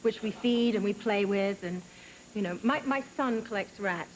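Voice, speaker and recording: A woman's voice: medium pitch, normal speed, slight background noise, rough recording. A middle-aged English woman, an actress guest on a talk show, chatting and telling stories with frequent laughs. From England. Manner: laughing, animated storytelling.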